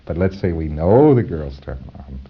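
A man giving an informal lecture to trainees, halting with fillers and repeating words for stress. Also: very deep voice, very animated, gravelly, husky, dull audio.

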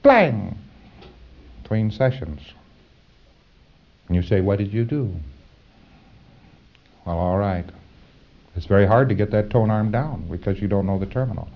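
A man giving an informal lecture to trainees, halting with fillers and repeating words for stress. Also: lowish voice, expressive, vocal fry, lo-fi sound.

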